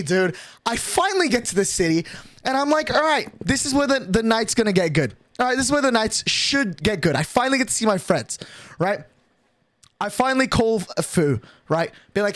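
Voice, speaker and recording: High-pitched excitable young man ranting. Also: moderate pace, no echo. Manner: animated, swearing, excitable rant. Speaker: streamer. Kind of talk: casual storytelling. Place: bedroom at night.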